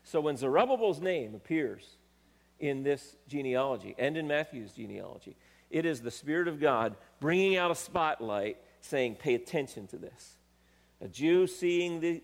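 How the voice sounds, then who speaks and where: A man preaching a sermon, reading scripture aloud with rising emphasis and pausing to correct himself. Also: mid-range voice. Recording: long reverb of a large hall.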